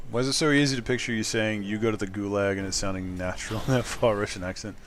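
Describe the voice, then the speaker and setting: A man streaming a video game, chatting casually and swinging between loud outbursts and quiet muttering. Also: lowish voice, fast, slight background noise. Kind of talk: casual gaming stream chat.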